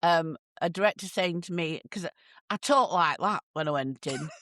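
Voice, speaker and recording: A woman's voice: on the low side, moderate pace, a bit bright, dry recording. Laughing woman host, dry sound. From English Midlands. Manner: laughs often, acts out little quotes. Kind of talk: casual chat.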